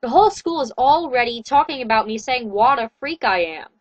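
A woman's voice: on the high side, expressive, a little fast, dry recording, highs cut off. Woman voicing a melodramatic goth teen girl. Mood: sulky. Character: moody gothic teen girl heroine.

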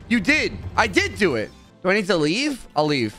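A man narrating a horror game let's-play, joking, swearing and yelling when startled. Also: high-pitched, huge pitch swings, normal speed, soft background music. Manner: jokey, swears, mutters, yells when startled. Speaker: gaming YouTuber.

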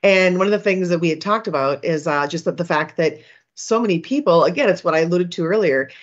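Chatty woman host with lower voice. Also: fast talker, muffled recording. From Minnesota. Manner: chatty, rambling with many fillers and restarts. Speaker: podcast host. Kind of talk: podcast interview.

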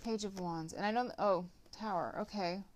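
A woman's voice: medium pitch, normal speed. A woman giving a casual tarot reading, rambling with lots of filler words and some blunt swearing. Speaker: tarot reader.

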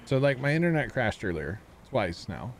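A man streaming a farming game, chatting in a relaxed, rambling way with friends. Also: medium pitch, normal speed, gravelly, slight background noise. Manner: laid-back, rambling. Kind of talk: casual gaming stream chat.

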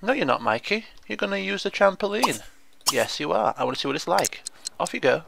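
A man giving chatty, excitable commentary on a video game, often laughing and exclaiming. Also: sits high, brisk, vocal fry, background noise. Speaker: gaming video host. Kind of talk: let's play commentary.

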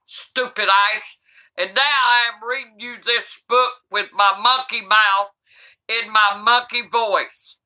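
Cranky old grandma cussing nonstop while she reads, slow drawl, really piercing bright voice. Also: fairly high pitch, fairly even intonation. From United States. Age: older. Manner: cranky, swears constantly, shouts in outrage. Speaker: comedy YouTuber grandmother. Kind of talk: comedic reading aloud.

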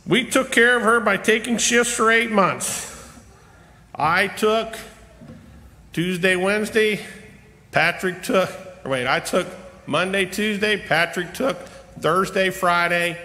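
A middle-aged man giving a rambling personal sermon in a church, humorous and self-deprecating, slowing down for emphasis. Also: high-pitched, pushed and bright. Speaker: lay preacher. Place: church sanctuary. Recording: long reverb of a church hall.

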